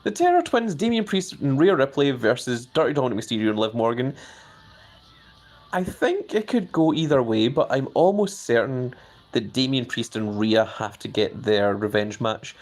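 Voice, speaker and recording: A man hosting a live stream. He chats casually, fills his talk with hedges, and his pitch jumps up whenever he reads out viewer comments. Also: a little mellow. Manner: hedging with many fillers.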